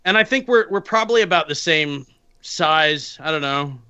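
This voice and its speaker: A man chatting casually on a group call, excitable, jumping way up in pitch when he quotes himself. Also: normal speed, smooth, dry recording, highs cut off. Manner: excitable, jumps high when quoting himself.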